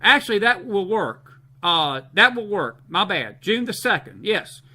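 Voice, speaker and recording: A man's voice: high voice, very animated, a little slow, bright, forceful tone. A man from the Southern United States with a Southern American accent, hosting a late-night live stream, reading viewer comments and repeating phrases for emphasis. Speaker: host.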